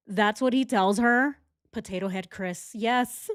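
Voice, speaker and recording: A woman's voice: medium pitch, a little slow, smooth, no echo, studio quality. A young adult woman giving sarcastic, exasperated true crime commentary while reading text messages aloud.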